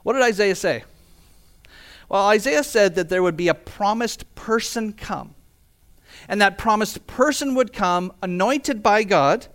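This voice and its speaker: A male pastor delivers a sermon in a fairly high voice. He reads scripture and presses his points with earnest emphasis and rhetorical questions. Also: animated, a little slow, a bit bright. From Canada.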